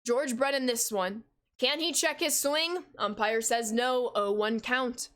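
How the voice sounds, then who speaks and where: A woman's voice: on the high side, a little slow, fairly bright tone. A woman in her twenties streaming, giving play-by-play commentary on a baseball game and answering her live chat in an upbeat, casual way. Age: 20s. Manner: upbeat, greets viewers with casual "yo".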